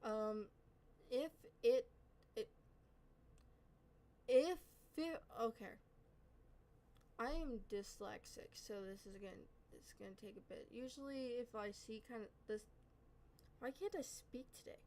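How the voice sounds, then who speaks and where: A woman's voice: fairly high pitch, moderate pace, rough recording. A woman hosting a reaction video, chatting casually and often apologizing and correcting herself as she reads on-screen text aloud. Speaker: reaction channel host.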